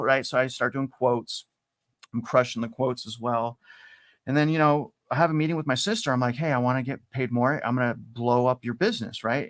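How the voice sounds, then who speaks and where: A middle-aged man telling his story as a podcast guest, animated and repeating himself, jumping up in pitch when he acts out quotes. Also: no echo. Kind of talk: casual interview storytelling.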